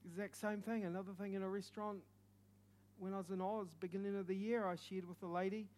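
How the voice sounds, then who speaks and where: High-voiced New Zealand preacher man. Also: quick pace. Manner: animated, joking, shouts in bursts. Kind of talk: sermon with stories.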